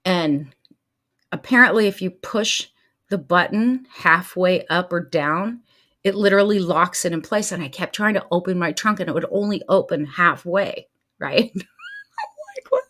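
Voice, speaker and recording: A middle-aged life coach and show host tells casual stories to her viewers. She is animated and quick to laugh, swinging her pitch to act out what people said.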